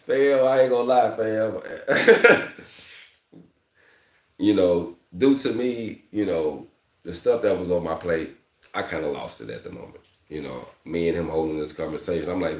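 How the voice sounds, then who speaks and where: A man's voice: low-pitched, expressive, normal speed, darkish tone, roomy sound. A man teaching welding, talking candidly to his viewers in a casual vlog, often calling them "fam" and "you know". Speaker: welding instructor.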